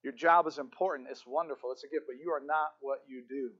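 A man preaching a sermon as pastor, fervent, repeating key phrases and slowing down to stress them. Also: medium pitch, fairly even intonation, fairly bright tone, lo-fi sound.

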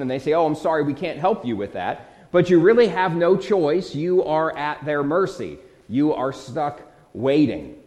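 A man preaching an earnest, conversational sermon as a pastor, asking his listeners rhetorical questions. His voice sits a little high for a man. It rings out with the long reverb of a church hall. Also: darkish tone.

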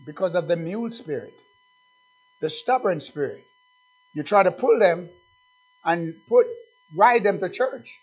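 A man's voice: high voice, animated, unhurried, pauses often, husky. A man preaching a sermon, emphatic and repetitive, calling out to his congregation with questions. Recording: dull lo-fi recording.

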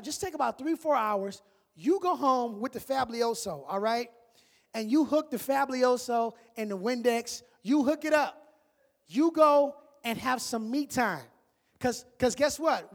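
A male pastor delivers a lively sermon in casual, playful speech. He swings between soft, hushed asides and loud, excited bursts. His voice rings with the long reverb of a large hall. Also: very high voice, gravelly. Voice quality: animated, sweeping from loud shouts to hushed asides, playful colloquial preaching.

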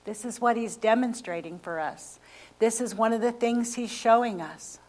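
A woman preaching a sermon, slow and emphatic, repeating key phrases and asking the congregation questions. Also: a little high, a little mellow.

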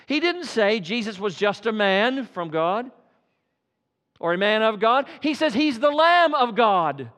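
A man preaching an evening church sermon, swinging from loud fervent calls to hushed quiet passages. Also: high voice, very animated, measured pace, in a large hall. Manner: dramatic swings from loud fervor to hushed tones. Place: church sanctuary.

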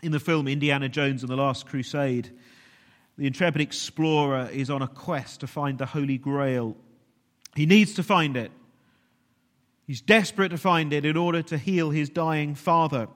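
A man's voice: on the high side, moderate pace. Earnest preacher man, reverberant hall. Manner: earnest, sometimes dropping to a hushed near-whisper. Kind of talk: sermon. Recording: long reverb of a large hall.

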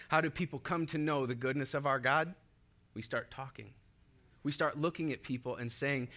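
Young man, preacher, sermon, bright forceful voice, upbeat, leads call-and-response. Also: mid-range voice, moderate pace, long pauses. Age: young adult.

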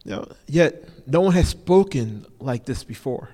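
Mellow and animated, a medium-pitched male preacher takes his time through an informal sermon. He repeats important phrases for emphasis and frequently says "you know," with his voice echoing in a large hall's long reverb.

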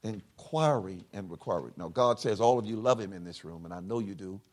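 A man preaching a sermon, leading a call-and-response prayer and swinging from hushed tones to shouted peaks. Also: animated, a little fast. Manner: swings from quiet intimate lows to shouted soaring highs. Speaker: pastor. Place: large church hall.

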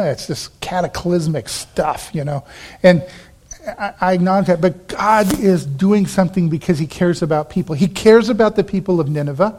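A man pastor preaching a sermon, animated, acting out the Bible characters in quick asides. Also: high voice.

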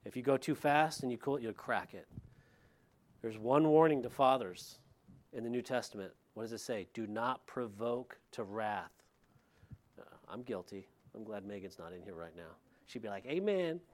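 A man, a middle-aged pastor, preaching a verse-by-verse sermon in a conversational way, with lively retelling and asides to the congregation. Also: fairly low pitch, normal speed, a little hiss or hum. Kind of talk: expository sermon.

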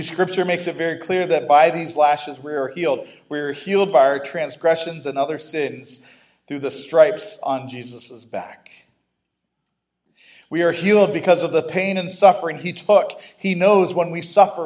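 A man's voice: on the high side, darkish tone. Conversational preacher, a man with asides. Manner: conversational, with self-interrupting humorous asides. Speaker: pastor. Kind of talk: sermon.

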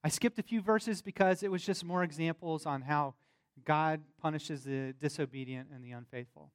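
Man, sermon, plain teaching tone, fairly high pitch, dry recording. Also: moderate pace, clear, resonant tone, dry recording. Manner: plain teaching tone with asides and questions to listeners. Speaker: preacher. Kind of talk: sermon, reading and explaining scripture.

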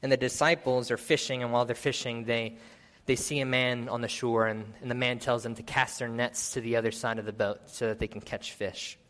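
A man's voice: medium pitch, little pitch movement, fairly quick, a bit bright. Man preaching in a reverberant hall. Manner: earnest, exhorting, reads scripture aloud. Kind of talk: sermon.

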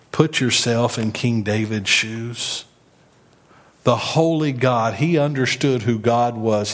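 Slow-preaching male pastor. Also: mid-range voice. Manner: slow, emphatic preaching with congregation call-and-response. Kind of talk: sermon.

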